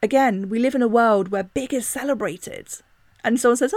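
Woman, podcast host, casual self-help talk, chatty, reflective, slightly high voice, dry close sound. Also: a little fast, no echo. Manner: chatty and reflective, with many asides and self-corrections.

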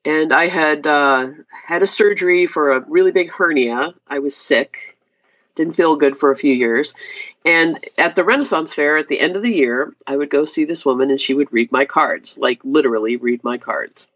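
A woman, a glass artist, telling stories in a casual interview and acting out quotes in a much higher voice. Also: moderate pace. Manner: animated, acts out quoted voices with high pitch jumps. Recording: slightly dull lo-fi audio.

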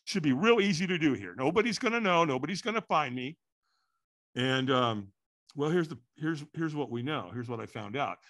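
A man telling a story in an animated way, acting out the quotes and sounds. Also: a little high, normal speed. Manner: lively, acts out quotes and sounds.

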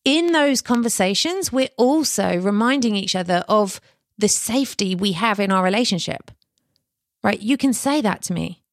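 A woman's voice: mid-range voice, expressive, normal speed, no room sound. Earnest woman podcaster, dry close sound. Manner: earnest, conversational, with rhetorical questions. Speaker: podcast host. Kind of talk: reflective solo podcast talk.

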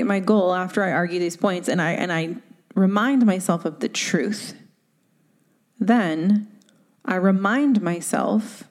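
A woman with a low-set voice gives a solo motivational talk as a coach. She speaks casually and candidly, leaning on fillers and quick tag questions. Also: darkish tone. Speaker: podcast host and coach.

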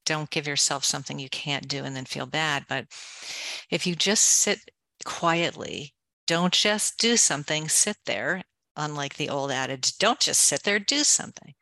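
A woman guest on an interview show, talking in a lively, practical way as she lays out simple steps. Her voice is bright, with a gravelly fry at the ends of phrases. The recording is close and dry. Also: low voice, a little slow, no room sound. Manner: energetic, gives practical step-by-step guidance; self-described go-go person. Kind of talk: conversational advice in an interview.

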